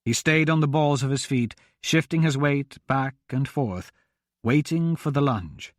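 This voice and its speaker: A man narrating a fantasy audiobook in a measured, expressive reading. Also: medium pitch, no room sound, clean studio sound.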